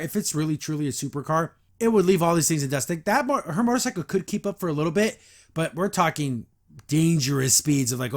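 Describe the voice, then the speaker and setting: A young man hosting a podcast, recapping and reacting to a cartoon episode in a casual, enthusiastic, rambling way. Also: fairly high pitch. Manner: enthusiastic, rambling, frequent restarts and laughs.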